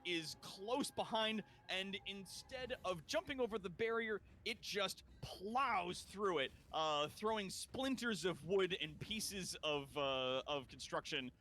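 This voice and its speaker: A man's voice: high voice, sharp tone. A man running a tabletop game as game master, narrating in a loose, chatty way full of fillers.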